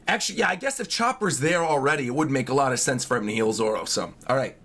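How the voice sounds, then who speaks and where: A man streaming a live reaction to a new manga chapter, his voice hoarse and worn, chatting excitedly to his viewers as he reads along and thinks aloud. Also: a little high, fairly quick, a little hiss or hum. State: hoarse from yelling the night before.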